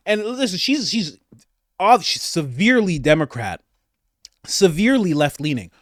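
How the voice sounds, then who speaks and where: Male podcast host, sarcastic comic ranter with a lively, upper-set voice. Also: high voice, normal speed, no room sound, clean studio sound. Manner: sarcastic, mocking, animated ranting. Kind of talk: comedic political commentary.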